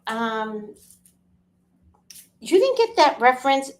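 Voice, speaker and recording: A woman's voice: high voice, very animated, takes it slowly. A woman hosting a casual livestream, chatting with viewers, laughing often and greeting people by name. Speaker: livestream host.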